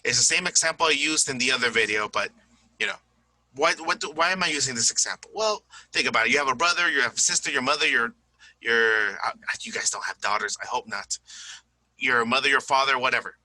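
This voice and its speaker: A man teaching an English grammar lesson in a casual, chatty way, slowing down to repeat key points. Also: medium pitch, pushed and bright, no echo, poor audio. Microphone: tablet recording.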